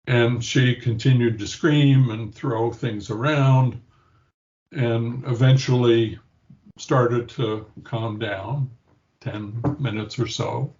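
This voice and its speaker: A man's voice: medium pitch, steady tone, slow, a little mellow, muffled recording. An older man, a grandfather, reflectively telling a personal story in an interview and acting out the quoted voices. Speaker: interview guest, patient.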